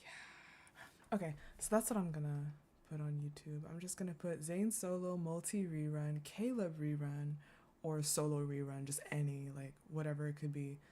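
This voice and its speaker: A woman's voice: low-pitched, fairly even intonation, moderate pace, warm tone. Brief: chatty woman streamer, reads aloud, interrupts herself laughing and cursing. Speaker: gaming streamer. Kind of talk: casual story reading with reactions.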